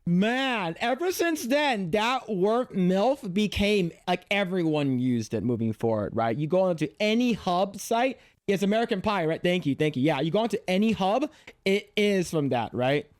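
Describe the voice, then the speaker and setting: Male reaction streamer, lively swooping delivery, rambling off-the-cuff talk, dry close mic. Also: high voice, moderate pace, no echo. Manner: rambling, animated, lots of fillers and restarts. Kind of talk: casual reaction commentary.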